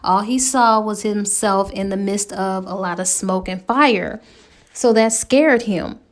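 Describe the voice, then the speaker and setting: A woman's voice: mid-range voice, unhurried. A woman giving a chatty, slangy spoken recap of a novel's plot as a book reviewer.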